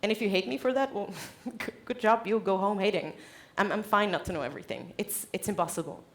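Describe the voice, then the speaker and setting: A woman giving a conference keynote on stage, direct and lively, laughing often. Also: medium pitch, brisk. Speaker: conference speaker.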